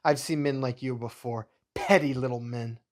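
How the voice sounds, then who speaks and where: A man voicing a caring, worried mother who speaks gently to a child and stands up to a villain. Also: mid-range voice, steady tone, moderate pace, natural voice. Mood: defiant.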